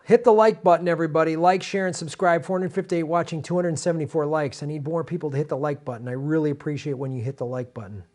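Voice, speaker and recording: Speaking fast with hardly a pause, a middle-aged political live-stream host in a fairly high, darkish voice keeps a steady tone while furiously cursing at his audience. He addresses viewers head-on and repeats himself again and again.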